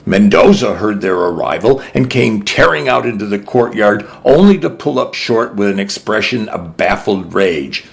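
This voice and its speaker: A man's voice: on the low side, expressive, normal speed, creaky, few pauses. A man narrating a novel in the first person with a dry, wry storytelling manner. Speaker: audiobook narrator.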